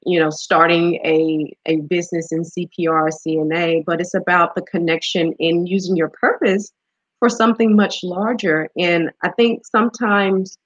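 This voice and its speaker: A woman's voice: fairly low pitch, fairly even intonation, normal speed, no echo, lo-fi sound. A woman hosting an interview, asking questions and sharing her views in an encouraging, conversational way. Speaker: interview host. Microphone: video call.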